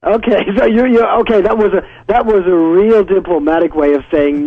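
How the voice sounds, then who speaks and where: A man's voice: high-pitched, steady tone, normal speed, dark tone, no room sound. A man with a German accent, a musician guest on a phone interview, talking chattily, laughing often and mocking himself. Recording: tinny phone line.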